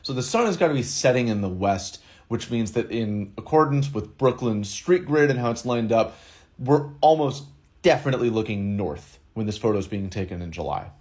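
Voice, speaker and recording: A man's voice: medium pitch, expressive, normal speed, a little mellow. A man giving an explanatory video commentary, methodical and reasoning step by step. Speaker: online commentator.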